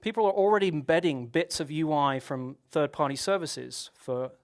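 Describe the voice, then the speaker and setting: A man's voice: fairly high pitch, moderate pace. Man giving a technical conference talk. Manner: explanatory, with frequent restarts and rhetorical questions. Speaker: conference speaker.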